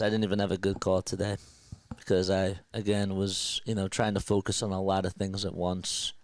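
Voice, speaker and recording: A young man hosting a casual sports livestream, talking to his chat with excitement and emotion. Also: low-pitched, no room sound.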